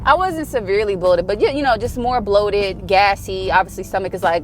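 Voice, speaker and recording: A woman's voice: mid-range voice, animated, unhurried, over music. A young woman, talking to camera in a casual confessional vlog. She chats loosely, with lots of "like" and "y'all", and speaks from the heart about her faith. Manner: chatty, says "y'all" and "like" often, heartfelt and faith-driven. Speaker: vlogger.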